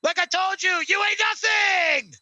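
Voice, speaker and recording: A man's voice: very high voice, measured pace, bright, forceful tone, dry recording, raised voice, highs cut off, voice pushed up, heavily acted. Man putting on a brash male wrestling star mocking his rival, thin-toned and dry. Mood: taunting. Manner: trash-talking, repeats his catchphrase. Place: at home.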